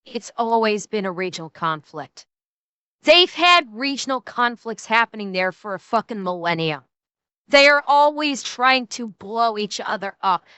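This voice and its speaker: Woman streamer, high clear voice, blunt and profane, dry close mic. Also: sharp tone, no echo. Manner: blunt, profane, restarts often. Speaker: streamer reacting to a video. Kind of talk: casual reaction commentary.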